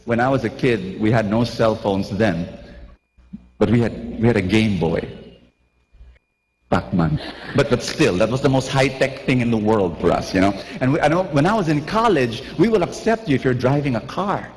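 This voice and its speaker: A man preaching a lively sermon, acting out little scenes and asking the crowd questions. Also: lowish voice, moderate pace, in a large hall, slight background noise, poor audio.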